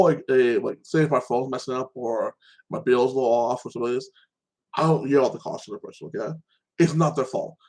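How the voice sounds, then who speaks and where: A man's voice: medium pitch, darkish tone, low-quality recording. Rambling man recapping TV shows. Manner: rambling, repeats "like that" and "you know". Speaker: show host. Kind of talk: casual solo TV recap chat.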